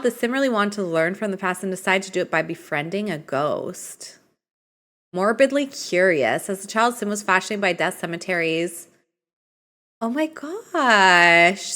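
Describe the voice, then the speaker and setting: Woman streamer, chatty live game commentary, reads options aloud, tired, bright sharp tone. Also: medium pitch.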